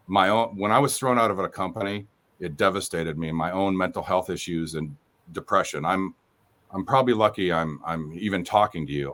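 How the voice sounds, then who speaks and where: A man's voice: sits low, fairly bright tone. A man who runs a company, speaking as a podcast guest, earnest and candid, sometimes restarting his sentences. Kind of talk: casual interview chat.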